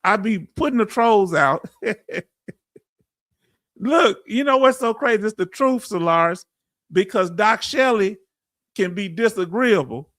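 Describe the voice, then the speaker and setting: A middle-aged man from Texas with a Southern accent, hosting a casual veterans' livestream and answering his chat in a folksy, animated way. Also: high-pitched, slow pace, long pauses, dry recording, clean studio sound.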